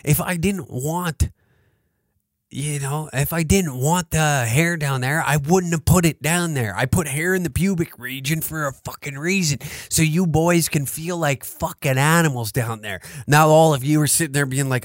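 A man's voice: mid-range voice, moderate pace, no echo, clean studio sound. A man hosting a podcast, riffing in a crude, rambling comedic monologue full of swearing. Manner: profane, rambling, joking. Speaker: podcast host.

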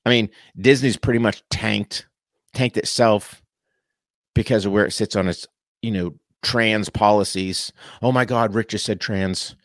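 A man's voice: steady tone, measured pace, dry recording, studio quality. Impassioned man, fired-up folksy rant. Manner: emphatic, preachy, with sharp rises in pitch on key words; folksy, casual slang. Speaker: political commentator addressing viewers. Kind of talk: impassioned direct-to-camera monologue.

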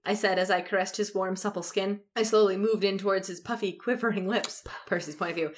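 Young woman cohost, giggly and wry, mid-pitch, reads fan fiction aloud with dry asides. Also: fairly even intonation, fast, few pauses. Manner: giggly, wry, often breaks off to comment. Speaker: podcast co-host reading fan fiction. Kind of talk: casual chat, reading aloud.

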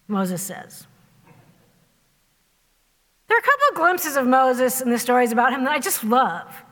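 A woman pastor giving a sermon in a conversational, wry storytelling way, acting out quotes with lively voices. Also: high-pitched, big-room sound. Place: church sanctuary.

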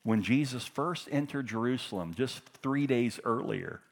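A middle-aged man preaching a sermon, passionate, moving between loud emphatic bursts and hushed tender passages. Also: medium pitch, animated, a little slow. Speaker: pastor.

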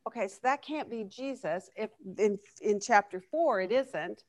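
A woman's voice: a little high, normal speed, few pauses, a bit bright, no room sound. A woman teaching a Bible study class in a conversational way, often asking the group questions. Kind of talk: interactive Bible lesson.

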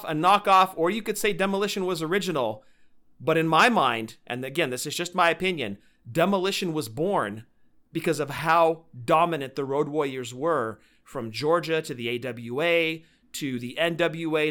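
A man's voice: fairly high pitch, sharp tone. A man co-hosting a podcast, earnestly paying heartfelt tribute and stressing his own opinions. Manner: voices opinions emphatically. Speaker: podcast co-host. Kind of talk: casual podcast chat.

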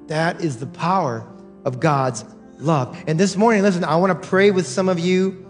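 A man preaching a sermon as pastor, repeating lines and building to shouts. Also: a little high, moderate pace, faint music behind.

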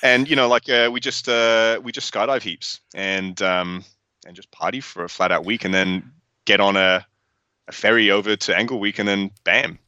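A man's voice: fairly low pitch, normal speed, clear, resonant tone, no echo, muffled recording. A young Australian man telling rambling, sweary stories in a casual podcast interview. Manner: rambling, sweary, animated storytelling. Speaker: guest.

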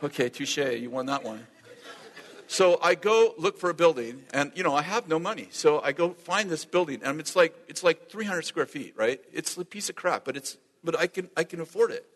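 A man preaching a sermon as a lively storyteller who acts out the dialogue and laughs often. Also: fairly high pitch, normal speed. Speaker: pastor. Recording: long hall reverb.

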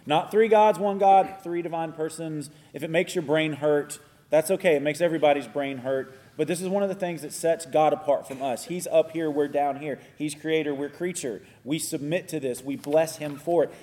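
A man with a somewhat raised yet warm, mellow tone teaches doctrine earnestly and at a measured pace. His voice rings with a long hall reverb. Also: a little high.

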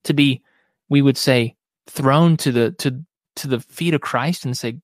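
A man's voice: fairly high pitch, lively intonation, normal speed, no room sound, clean studio sound. A man being interviewed as a biblical counselor, speaking earnestly and reflectively in a conversational way. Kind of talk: podcast interview.

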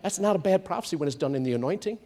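Animated man preaching a sermon. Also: sits high, very fast. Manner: animated, swinging from loud comic outbursts to soft hushed storytelling. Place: church hall with congregation.

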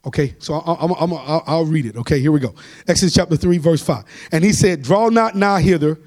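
A man preaching a Bible study as a pastor, rising into shouts and sung phrases and calling for amens. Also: a little high, fast.

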